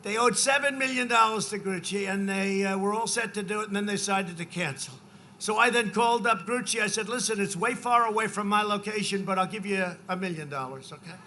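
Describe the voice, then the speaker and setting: A politician giving a campaign rally speech, rambling and repetitive and often rising to shouts. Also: male voice, high voice, fairly quick, slight background noise. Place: large outdoor rally.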